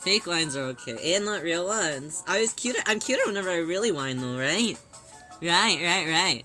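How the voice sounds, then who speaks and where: A woman chatting casually on a livestream as she sews, playful and giggly, answering chat and whining in drawn-out yelps. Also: fairly low pitch, lively intonation, pushed and bright, faint music behind. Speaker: streamer.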